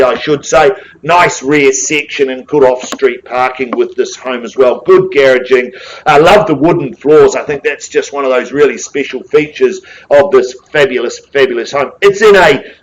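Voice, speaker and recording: Brief: male NZ auctioneer, jovial, brisk calls, light banter with the room. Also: fairly high pitch, highs cut off. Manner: brisk, jovial patter with quick asides to bidders. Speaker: real estate auctioneer. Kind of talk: live property auction calling. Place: auction room with bidders present.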